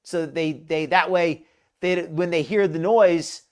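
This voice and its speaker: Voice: mid-range voice, steady tone, slow, darkish tone. A host commenting on a live-stream clip with mocking, sarcastic asides and rambling explanations. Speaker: host of a live reaction show.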